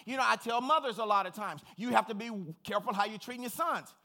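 A man's voice: high voice, fast, pushed and bright. A middle-aged man preaching a sermon as pastor, earnest, personal and plain-spoken.

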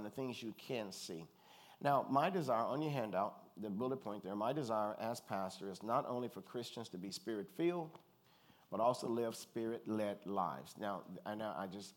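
A man from Louisiana, a pastor, preaching in a conversational, animated way with joking asides and calls for the congregation to respond. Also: fairly low pitch. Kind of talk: conversational sermon.

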